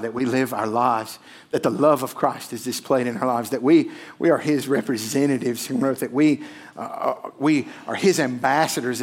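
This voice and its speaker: A male pastor preaching a sermon, emphatic, swelling loud and then dropping almost to a hush, often checking in with "right?". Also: medium pitch.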